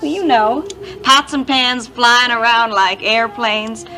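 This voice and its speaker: Kind, teasing older coworker in an 80s soap. Raised voice, music underneath. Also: female voice, on the high side, steady tone, slow pace, rough recording. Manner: warm, teasing, encouraging. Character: kindly motherly coworker, Nita. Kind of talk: 1980s TV soap opera acting.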